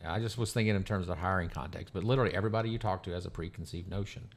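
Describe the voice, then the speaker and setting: A man's voice: deep voice, rapid-fire, creaky. A man co-hosting a podcast, a lawyer talking in casual conversation with frequent fillers. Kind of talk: casual professional chat.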